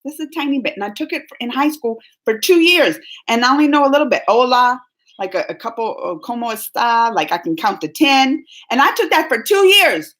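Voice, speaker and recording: A woman's voice: fairly high pitch, sing-song, a little fast, a bit bright. A woman from New Orleans with a Southern accent, chatting casually and giggling as she reads viewer comments on her live stream. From New Orleans, Louisiana, US. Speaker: YouTube host.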